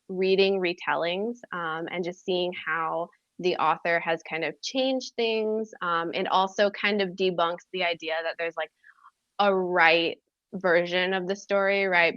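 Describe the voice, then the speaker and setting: A woman's voice: on the low side, fairly even intonation, unhurried, a bit bright, no echo, lo-fi sound. A woman guest, an editor and book blogger, chatting thoughtfully about books with many ums. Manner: thoughtful, many "um"s, laughs lightly. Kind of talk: casual chat.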